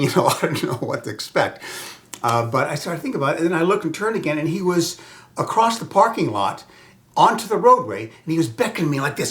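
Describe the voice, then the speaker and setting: A man from Southern California telling a personal story in a rambling way, full of restarts, fillers and soft whispered asides. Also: fairly high pitch, lively intonation, fairly quick, slight background noise.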